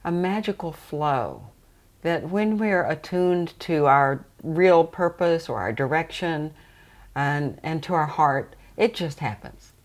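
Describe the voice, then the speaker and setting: An older woman, a trance channeler, talking reflectively in a relaxed interview and laughing often. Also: deep voice, slow.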